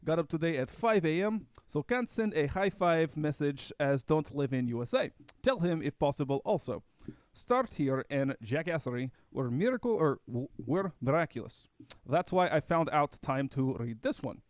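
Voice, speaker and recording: An earnest, humble young Russian student with a thick Russian accent, as a man puts him on, reading his own letter haltingly and carefully. The voice sits a little high, and the sound is close and dry. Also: expressive, no room sound, close to an everyday voice. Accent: put-on Russian accent. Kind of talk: reading a listener email aloud in a put-on voice.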